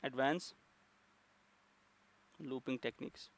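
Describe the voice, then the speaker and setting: A man's voice: mid-range voice, steady tone, takes it slowly, gravelly. A man teaching a coding lesson, explaining step by step with frequent fillers and restarts. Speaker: programming instructor.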